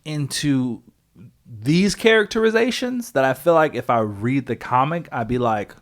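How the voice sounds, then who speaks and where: A man co-hosting a podcast in loose, casual chat. His pitch jumps around as he talks, and he swears now and then while he works out his thoughts aloud. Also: unhurried. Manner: animated, swearing, thinks aloud. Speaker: podcast co-host.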